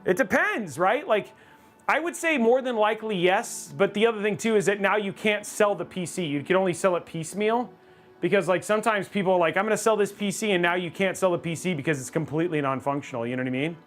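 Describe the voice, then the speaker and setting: A man hosting a live stream while building a gaming PC, chatting casually with viewers and breaking into loud mock-rage outbursts. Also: high-pitched, quick pace, soft background music. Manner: excitable, reads chat aloud, loud outbursts of mock rage. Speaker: livestream host building a gaming PC.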